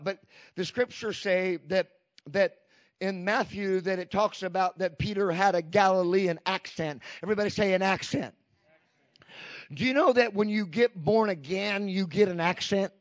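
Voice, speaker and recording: A man preaching a fervent sermon as pastor, calling out "come on" to the church and swinging between shouts and hushed lines. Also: high voice, moderate pace, no echo. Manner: fervent preaching with repeated "come on" call-outs. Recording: dull lo-fi, dry sound.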